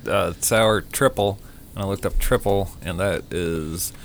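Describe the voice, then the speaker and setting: A man's voice: low-pitched, unhurried, slight background noise. A man in casual chat, easygoing and often puzzled, asking questions about beer.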